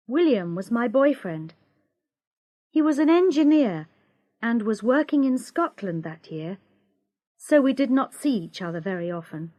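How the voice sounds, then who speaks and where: A woman reading a story aloud for English learners, slow, clear and expressive. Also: on the high side, dry recording. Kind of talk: scripted narration for English learners.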